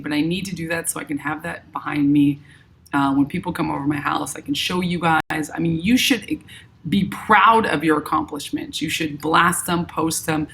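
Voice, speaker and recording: A woman's voice: fairly low pitch, gravelly, fairly bright tone. Chatty woman hosting a live stream. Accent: New York. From New York. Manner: chatty, reads viewer comments aloud. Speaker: host. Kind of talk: casual live-stream chat.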